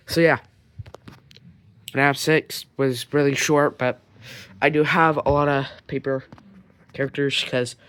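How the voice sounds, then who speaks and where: A man's voice: fairly high pitch, fairly bright tone. A man from Ireland talking through his toy collection in a loose, rambling way. He fills his sentences with fillers and restarts, and now and then drops almost to a whisper before picking back up. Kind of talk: casual collection show-and-tell.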